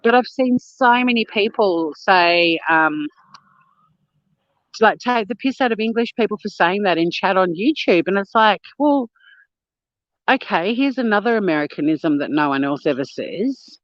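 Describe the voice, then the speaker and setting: This Australian livestream host chats with viewers over her phone, reading their comments, laughing plenty and cursing freely. Her mid-range voice has lively intonation and a normal speed. The sound is dull, with no room sound.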